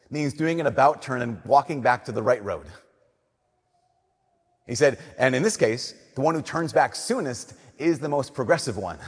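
A young man preaching a sermon as a Catholic priest, talking conversationally, sometimes playful and sometimes dropping to a hushed, earnest tone. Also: mid-range voice, slightly rough. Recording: long reverb of a large church.

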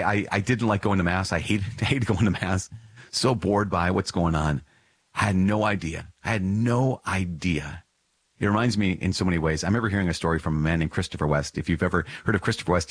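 A man's voice: low-pitched, fairly bright tone, husky, dry recording. A man hosting a podcast, reading and reflecting on a religious text. He speaks earnestly and emphatically, often repeats phrases, and chuckles now and then. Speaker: podcast host.

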